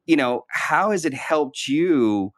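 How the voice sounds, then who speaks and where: A man's voice: on the high side, animated, slow, no room sound, clean studio sound. Earnest rambling male interviewer. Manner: earnest, rambling, many fillers and restarts. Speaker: podcast host. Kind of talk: conversational interview.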